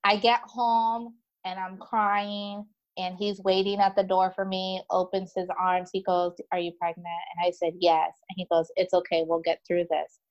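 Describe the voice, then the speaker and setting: A woman telling her own story in casual conversation as a guest, chatty and animated, with many fillers, voicing the people in it. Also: lowish voice, measured pace, few pauses, highs cut off.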